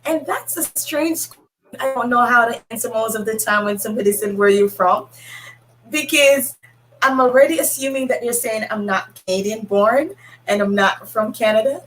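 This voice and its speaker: A woman's voice: on the high side, normal speed, a bit bright, low-quality recording. A woman from Jamaica, hosting a casual online panel and telling stories in a chatty way. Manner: chatty, storytelling with restarts. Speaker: host.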